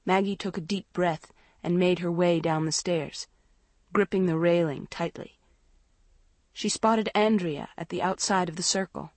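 A woman narrating a storybook in a measured, dramatic way. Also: fairly low pitch, a little mellow, no echo. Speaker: audiobook narrator.

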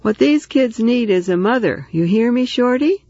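A man's voice: high-pitched, animated, normal speed, creaky, a little mellow, husky, no echo, muffled recording, full character voice. A man voicing a talkative, motherly woman neighbor who comforts and teases in a storybook reading. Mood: chatty.

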